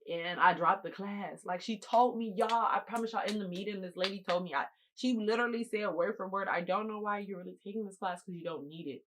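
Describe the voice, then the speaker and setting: With background noise behind her, a young woman at medium pitch tells her viewers a casual story while eating. She talks a little fast with few pauses, addressing the audience directly and repeating phrases for emphasis.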